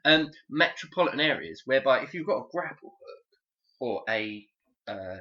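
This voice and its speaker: A man's voice: medium pitch, expressive, moderate pace, bright, forceful tone, muffled recording. A man hosting a casual podcast chat, rambling, joking and swearing freely. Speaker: podcast host.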